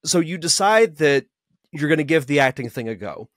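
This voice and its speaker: A man hosting a podcast, interviewing his guest in a relaxed, casual way. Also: a little high, moderate pace, no echo, studio quality. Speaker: podcast host.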